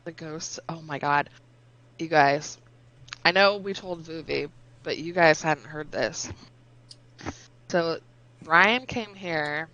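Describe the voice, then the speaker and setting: A woman telling animated stories in casual chat with friends, swearing and laughing as she goes. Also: deep voice, slow, pauses often, muffled recording. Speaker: storyteller among friends.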